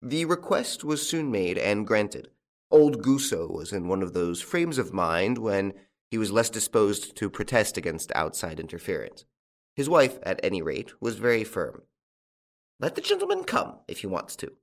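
A male audiobook narrator with a lowish voice that rises and falls animatedly. He tells the story in an expressive, storyteller's manner. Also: measured pace.

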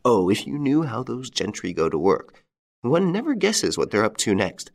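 A man reading aloud voices a brisk, talkative swindler posing as a police inspector. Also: mid-range voice, huge pitch swings, voice pushed up. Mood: chatty. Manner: brisk, bluff, chatty.

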